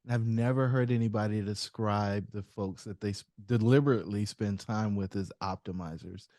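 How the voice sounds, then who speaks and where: A man's voice: on the low side, steady tone, normal speed, dark tone, no room sound. Curious man hosting, dry close sound. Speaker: podcast host. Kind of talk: interview questions.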